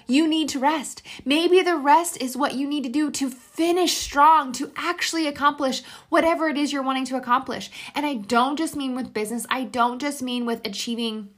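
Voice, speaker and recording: A woman's voice: on the high side, fairly bright tone. Earnest woman giving motivational pep talk. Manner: earnest, encouraging, addresses listener as sister. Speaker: motivational speaker. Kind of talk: motivational monologue.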